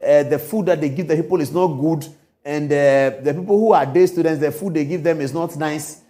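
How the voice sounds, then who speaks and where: A woman's voice: low-pitched, a little fast, dark tone. A woman giving opinionated political commentary as a host, emphatic and repetitive, asking rhetorical questions. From Ghana.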